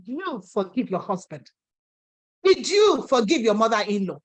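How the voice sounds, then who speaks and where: A high-pitched woman with a Nigerian accent preaches with passion. She rises and falls as she urges her listeners, and now and then slips into the voices of the people in her story. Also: big pitch swings, normal speed. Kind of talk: sermon.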